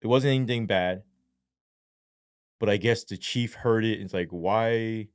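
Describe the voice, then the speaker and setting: A man's voice: dry recording, studio quality. Blunt, profane man telling his story. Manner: blunt and heavy on profanity, with casual slang; drops into a low, halting voice when speaking of despair. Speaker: guest, former police sergeant. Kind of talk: candid storytelling in an interview.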